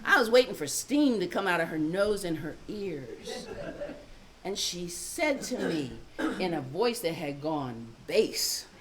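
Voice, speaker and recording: An older woman telling a family story live, expressive and laughing often. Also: lowish voice, a little slow.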